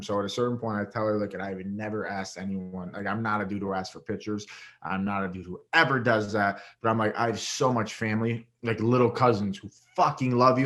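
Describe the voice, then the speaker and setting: A young man from Rochester, New York, a guest telling a story in a casual interview, animated and swearing, acting out quotes with big jumps in his voice. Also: fairly low pitch. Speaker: guest, reality show winner.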